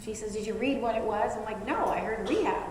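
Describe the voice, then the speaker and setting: A woman's voice: a little high, animated, a little fast, a crowd in the background. A woman telling a personal story to a live audience in a chatty, self-mocking way. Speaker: speaker at a live event. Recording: echoey hall with faint noise.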